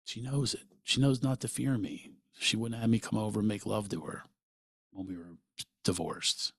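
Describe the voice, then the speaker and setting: A middle-aged man hosting a podcast, telling a personal story in an animated way and acting out what others said. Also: fairly low pitch, moderate pace, creaky, no echo, studio quality. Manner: animated, quotes people in lively voices. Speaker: podcast host.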